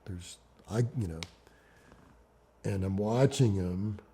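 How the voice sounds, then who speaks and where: A man in an interview, telling a climbing story in a lively way that swings between hushed and loud passages. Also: deep voice, takes it slowly, husky.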